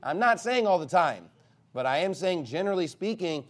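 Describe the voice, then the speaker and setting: A man with a fairly high voice, preaching to his congregation as their pastor. He talks emphatically and swings his pitch widely, now and then breaking into loud outbursts. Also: lively intonation, normal speed. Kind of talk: sermon.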